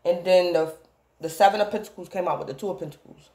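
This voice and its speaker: A woman's voice: on the low side, fairly even intonation, fast talker, warm tone, roomy sound. A woman giving a casual tarot reading, rambling and repeatedly calling out to her viewers by the same phrase. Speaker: tarot reader.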